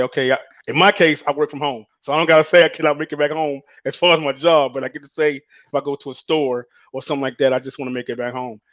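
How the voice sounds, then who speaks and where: A man's voice: a little high, a bit bright. A man on a panel, speaking earnestly and reflectively about his own experience, with many fillers. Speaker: panel guest. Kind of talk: casual chat, personal testimony.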